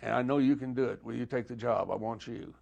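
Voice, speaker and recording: Older man, gravelly voice, laid-back raconteur acting out old conversations. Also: mid-range voice, quick pace, highs cut off. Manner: relaxed anecdotal storytelling, voices quoted dialogue. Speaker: guest musician. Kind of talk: storytelling interview.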